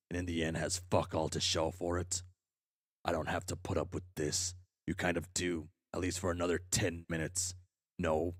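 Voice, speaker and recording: A man's voice: deep voice, no echo, clean studio sound. A man playing Karkat, furious foul-mouthed troll. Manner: shouting tirades, heavy swearing. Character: furious young male troll, foul-mouthed, self-loathing.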